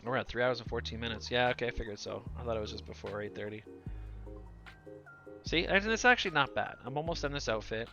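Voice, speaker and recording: A man's voice: mid-range voice, quick pace, pushed and bright, dull audio, faint music behind. A man in his forties chatting casually on a live stream; he talks nonstop, laughs a lot, and his voice sounds younger than his age and sometimes cracks. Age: 40s.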